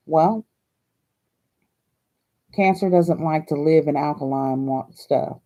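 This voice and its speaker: A woman's voice: deep voice, steady tone, slow, long pauses, dark tone, muffled recording. An older woman from Hawaii hosting a crafting vlog, chatting in a folksy, chatty way and laughing often. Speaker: crafting channel host.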